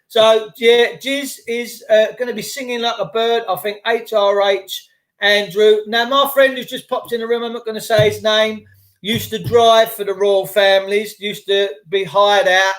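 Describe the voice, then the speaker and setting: A man's voice: sits high, fairly bright tone. A middle-aged English man ranting casually to live-stream viewers in a blunt, sweary, conspiratorial way.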